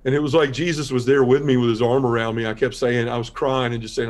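A man shares his life story as a podcast guest. He speaks in an earnest, quiet, heartfelt way, like someone giving a personal testimony. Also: medium pitch, steady tone, fast, hardly any pauses.

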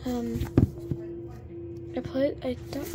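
A woman's voice: sits high, little pitch movement, takes it slowly, over loud music. A girl giving chatty gameplay commentary, full of fillers and sudden exclamations. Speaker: gamer.

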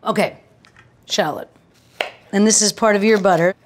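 A woman's voice: mid-range voice, normal speed, a little hiss or hum. Chatty woman cooking in a home kitchen. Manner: chatty, wry asides and anecdotes. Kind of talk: casual cooking demonstration.

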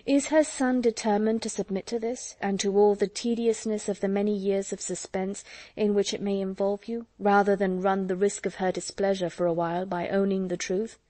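A woman reads a composed, reserved young lady from a storybook, speaking in measured, polite tones. Her voice is mellow and sounds close and dry. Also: medium pitch, level tone, no room sound, lightly acted. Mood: restrained.

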